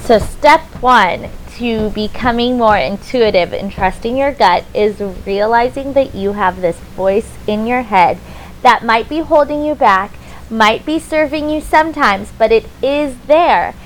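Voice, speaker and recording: A woman's voice: on the high side, measured pace, poor audio. Woman host, chatty, recaps stuff, bit of hiss behind. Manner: chatty, summarizing. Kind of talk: conversational interview.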